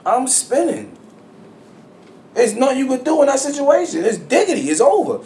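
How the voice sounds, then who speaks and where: A man co-hosting a podcast in casual chat, blunt and full of slang, getting loud and animated when he is worked up. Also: extremely high pitch, normal speed. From New Jersey. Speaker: podcast co-host. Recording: echoey room with faint ambient noise.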